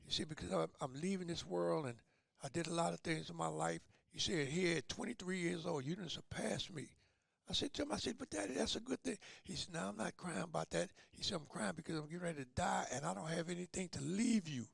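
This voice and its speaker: An older man with a high, heavily gravelly voice tells his stories as an interview guest. He acts out the people he quotes with lively shifts of voice. The sound is close and dry. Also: brisk, dry recording. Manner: animated storyteller acting out quoted voices. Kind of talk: storytelling in conversation.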